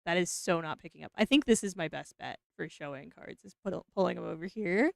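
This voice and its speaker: A young woman streaming as she opens trading cards, talking casually, mumbling nervous asides and breaking into excited squeals. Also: on the low side, fairly quick, gravelly, dry recording, studio quality. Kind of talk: casual card-opening stream chat.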